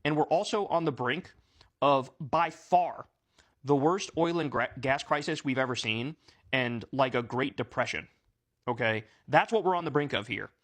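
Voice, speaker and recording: A man's voice: mid-range voice, normal speed. A man giving a casual, indignant political rant, using plenty of fillers and swearing, with exasperated outbursts. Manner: profane, filler-heavy. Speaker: political commentator.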